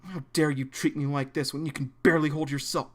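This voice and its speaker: A man voicing a brash, hot-headed teenage schoolboy bully who sneers and talks loudly in a raised voice. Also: steady tone, fast talker, close to an everyday voice. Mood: sneering. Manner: loud, sneering, pitched up.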